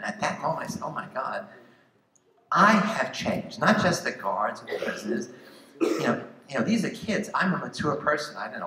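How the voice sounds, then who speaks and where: An older man speaking to students as a guest speaker, telling a story in a lively way and acting out the voices he quotes. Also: mid-range voice, slight background noise. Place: large theatre hall. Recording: echoey hall sound.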